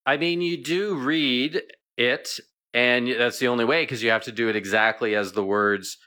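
Bright-voiced chatty man telling stories. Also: medium pitch, normal speed. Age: middle-aged. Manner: chatty storyteller, animated. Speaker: veterinarian guest. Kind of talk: casual radio interview.

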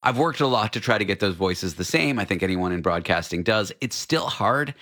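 A man's voice: on the low side, lively intonation, a little fast, fairly bright tone. A man hosting a radio show, bantering and joking with his guest. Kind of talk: casual radio interview.

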